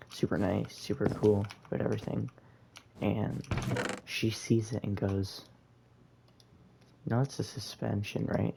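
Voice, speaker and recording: A man's voice: fairly low pitch, gravelly, dark tone, slight background noise. A young man casually telling a rambling, laid-back story over gameplay, full of fillers and slang. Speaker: gaming storyteller.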